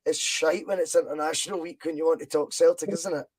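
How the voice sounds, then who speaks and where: A man hosting a casual fan podcast, loud and animated as he reads out viewer comments. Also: on the high side, fast, poor audio. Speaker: podcast host.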